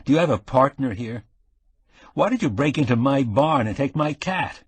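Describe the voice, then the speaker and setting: Calm shrewd avuncular man, done by a male narrator, steady, husky, dry close sound. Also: medium pitch, moderate pace, no room sound, pitched above the performer's own voice. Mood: stern concern.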